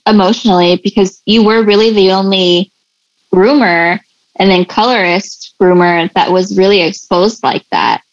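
A woman's voice: medium pitch, moderate pace, no room sound, muffled recording. A woman interviewing a guest in a casual conversation, offering sympathetic, reflective follow-ups.

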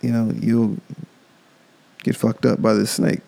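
A man voicing a group of scared young men in a spoken parable, excited and warning. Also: lowish voice, unhurried, creaky, heavily acted, poor audio. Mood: fearful.

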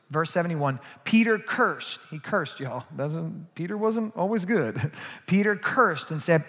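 A male pastor preaching a sermon, moving from quiet asides to loud, emphatic passages. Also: on the high side, normal speed, big-room sound.

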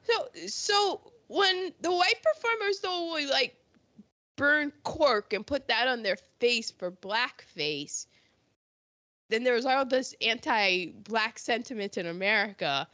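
A woman's voice: a little high, pushed and bright, no echo. Chatty podcast woman, laughs a lot, dry slightly muffled sound. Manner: chatty, laughs often, trails into asides. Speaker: podcast co-host. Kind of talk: casual chat about old films.

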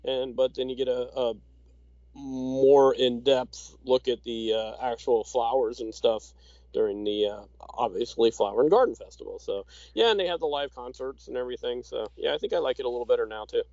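An easygoing man chatting casually as a podcast co-host, with halting speech and dry sarcasm. His voice sits at a middle pitch. The recording is dry and somewhat dull. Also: a little mellow, dry recording. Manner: easygoing, many fillers and restarts, dry sarcasm. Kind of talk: casual chat.

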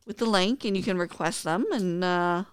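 A woman sharing book recommendations on a podcast, upbeat and animated. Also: lowish voice, normal speed, clean tone, no echo.

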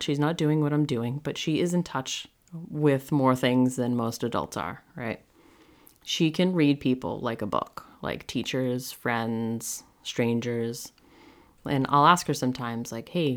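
A middle-aged American woman who hosts a podcast, telling personal stories in a chatty, animated way with many fillers. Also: a bass voice. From United States. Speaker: podcast host and medium. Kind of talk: casual monologue.

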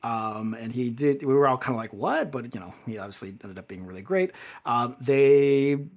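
A man's voice: mid-range voice, normal speed. Rambling man telling a story. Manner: rambling, restarts often, animated when retelling. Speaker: podcast co-host. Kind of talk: casual chat, storytelling.

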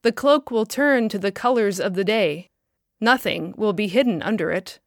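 A woman voicing a kindly male apostle who speaks gently and reassuringly, in a storybook reading. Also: medium pitch, normal speed, dry recording, studio quality, lightly acted. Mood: gentle.

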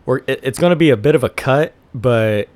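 A man's voice: medium pitch, expressive, brisk, a little mellow. Young dude cohosting a podcast, rambly, trips over his words, laughs a lot. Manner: loose, rambling, laughs easily, many restarts. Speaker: podcast co-host. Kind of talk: casual chat.

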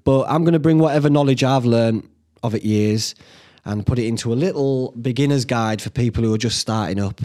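A man's voice: mid-range voice, fairly quick, mellow. A young man, hosting a casual solo podcast from home, rambling and swearing freely. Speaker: podcast host. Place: indoors at home.

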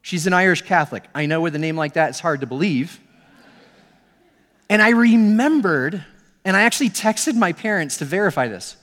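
A male pastor preaching a sermon in a conversational, animated storytelling manner. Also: high voice, normal speed, long reverb tail.

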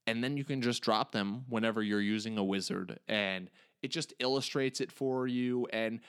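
A man's voice: medium pitch, moderate pace, clear, resonant tone. A man co-hosting a tabletop gaming podcast in casual chat, explaining things with enthusiasm. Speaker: podcast co-host.

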